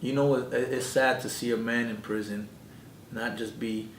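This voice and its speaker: A man's voice: fairly even intonation, moderate pace. A man as an interview guest, earnestly telling his life story and acting out the dialogue in it. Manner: earnest storyteller who acts out quoted dialogue. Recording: echoey room, mic at a distance, background rumble.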